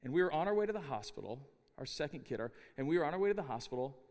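Middle-aged man, chapel sermon, somewhat high voice, animated storytelling, long hall reverb. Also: rapid-fire. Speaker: chapel speaker. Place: university chapel.

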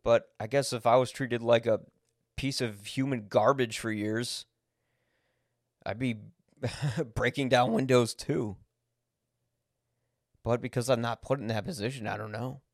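A man's voice: mid-range voice, fairly even intonation, a little slow, long pauses, no echo, clean studio sound. A man hosting a podcast, speaking an unscripted personal monologue, blunt, swearing when angry and correcting himself as he goes. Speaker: podcast host.

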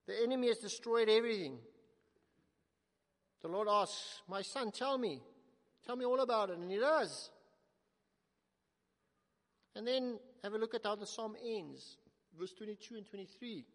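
A man preaching a sermon in earnest tones, swelling to emphatic calls and sinking to soft, slow words. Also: high-pitched, expressive. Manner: earnest, rising to emphatic then dropping to soft, slow quotes. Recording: long hall reverb.

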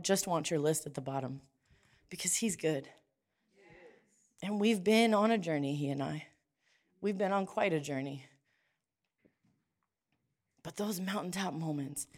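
A woman preaching, her voice sitting a little low for a woman. She tells a personal story in a chatty, conversational way, often restarting her sentences. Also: a little mellow. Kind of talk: sermon.

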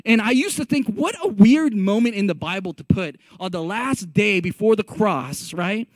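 Animated high-voiced male pastor. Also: moderate pace, dry recording. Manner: animated, conversational preaching with rhetorical questions. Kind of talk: sermon.

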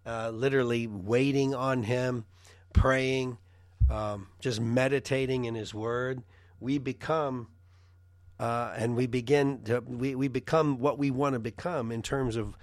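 A middle-aged man preaching informally and telling personal stories, halting often with restarts and fillers. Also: mid-range voice, dry recording, studio quality.

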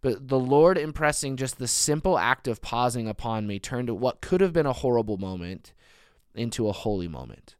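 Earnest male pastor with a smooth, dry voice. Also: medium pitch, expressive, moderate pace, no room sound. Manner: earnest, builds to emphatic peaks then drops soft. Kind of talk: sermon.

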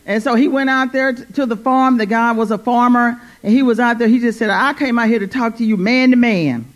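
A woman's voice: fairly high pitch, fairly quick. A woman preaching a church sermon, repeating her phrases and calling "Amen?" to the congregation. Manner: fervent, repeats phrases, call-and-response "Amen?". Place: church service.

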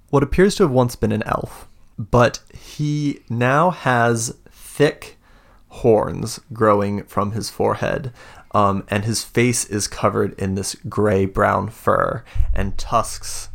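A man runs a tabletop game, narrating the scene slowly with a gravelly voice. He often stops to search for words. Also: lowish voice. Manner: halting, full of fillers. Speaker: game master.

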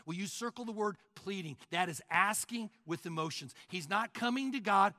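Animated older male preacher. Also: sits high, normal speed, few pauses, no echo, studio quality. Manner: animated preaching, acts out mock prayers. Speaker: pastor. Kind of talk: sermon.

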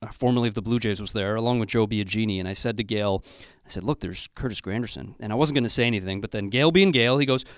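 A man's voice: on the low side, fast, dry recording, studio quality. A man telling fond stories about a late colleague, with fillers and heartfelt remembrance. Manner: warm anecdotal storytelling with fillers. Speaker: colleague sharing memories.

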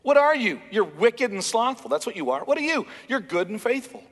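A male pastor preaches in an animated, emphatic way, acting out lines of dialogue as he goes. His voice sits high for a man and carries the long reverb of a large church hall. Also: brisk. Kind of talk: sermon.

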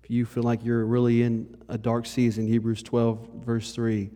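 A man's voice: mid-range voice, moderate pace. Male pastor preaching in a reverberant hall. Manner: conversational preaching, shifts between animated and hushed. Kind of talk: sermon.

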